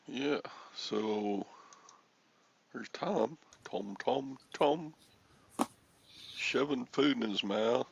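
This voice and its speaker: An older man hosting a casual chat, his voice crackly and gravelly from a frog in his throat, rambling and clearing his throat often. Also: mid-range voice, very slow, pauses often. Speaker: host.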